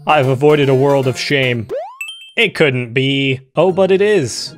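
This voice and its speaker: A young man giving comedic let's-play commentary, joking and breaking into sudden loud outbursts. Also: medium pitch, slow. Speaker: gaming YouTuber. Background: game music.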